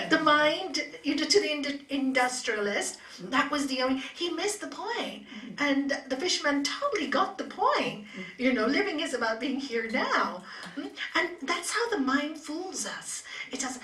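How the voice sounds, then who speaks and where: A woman's voice: high-pitched, lively intonation, normal speed, fairly bright tone. A woman yoga teacher giving a spiritual talk to a class, telling stories, laughing often and dropping to whispers. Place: yoga studio. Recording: roomy studio from far off.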